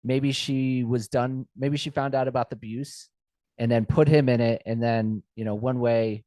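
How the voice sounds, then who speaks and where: A man co-hosting a podcast, talking through a film in casual chat, chatty and self-deprecating and quick to laugh. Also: medium pitch, fairly even intonation, dark tone, no echo, clean studio sound. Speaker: podcast co-host.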